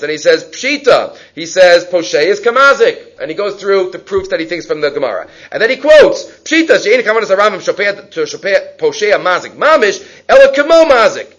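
A man giving a Talmud lecture, lively and acting out the quoted speakers. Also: high-pitched, highs cut off. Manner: animated, acts out quoted speakers, many fillers. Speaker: Talmud teacher.

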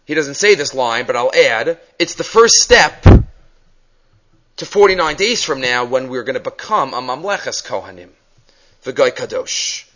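A man teaching a Torah class, animated, acting out questions and mixing Hebrew terms into his English. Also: medium pitch, unhurried, lo-fi sound.

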